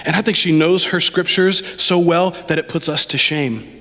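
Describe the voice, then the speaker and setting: A man preaching a lively sermon as pastor, addressing the congregation directly and with animated delivery. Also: on the high side, normal speed, in a large hall. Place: church sanctuary.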